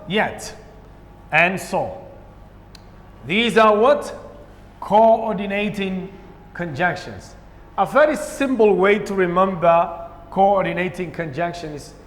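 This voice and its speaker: A man's voice: high-pitched, fairly bright tone. A male English teacher with a Somali accent, teaching grammar in a lesson, asking questions and answering them himself. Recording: echoey room with long reverb.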